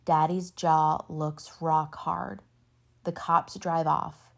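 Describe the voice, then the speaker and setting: A woman reading a novel aloud in steady first-person narration, lightly voicing the dialogue. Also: low-pitched, takes it slowly, creaky. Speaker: reader.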